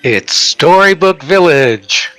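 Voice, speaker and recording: A man in casual chat, explaining a build he made in a relaxed way with fillers. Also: a little high, slow pace, soft background music, rough recording. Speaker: guest builder.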